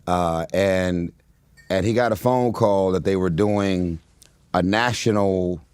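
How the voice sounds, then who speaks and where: A man's voice: deep voice, slow, a little mellow, clear, resonant tone, no room sound. A man in his forties from Los Angeles, a guest telling a long story in a casual interview, with many fillers, restarts and frequent laughs. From Los Angeles, United States. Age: 40s.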